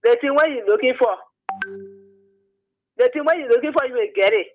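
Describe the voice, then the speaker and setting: Liberian English male caller, high voice, rambling and effusive praise. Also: a little fast, lo-fi sound.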